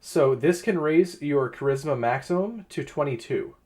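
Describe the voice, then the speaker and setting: A man's voice: a little high, expressive, moderate pace, darkish tone. A man running a tabletop game as game master, explaining rules and items with frequent "uh" fillers.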